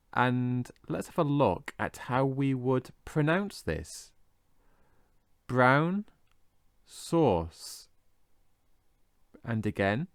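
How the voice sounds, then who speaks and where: Guy teaching english words, sounds them out slow n careful, voice goes up and down a lot. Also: mid-range voice, creaky, dry recording, studio quality. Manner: slow, careful modelling of pronunciation. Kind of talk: scripted vocabulary lesson.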